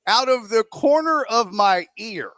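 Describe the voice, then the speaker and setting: A man co-hosting a sports talk radio show, telling a rambling, animated anecdote with acted-out quotes into a close studio microphone. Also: high voice, a little slow, dry recording.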